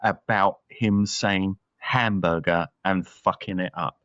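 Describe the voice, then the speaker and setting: A man co-hosting a casual film review podcast, blunt and sweary and quick to laugh. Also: low voice, steady tone, a bit bright, dry recording. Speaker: podcast co-host. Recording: slightly dull lo-fi sound.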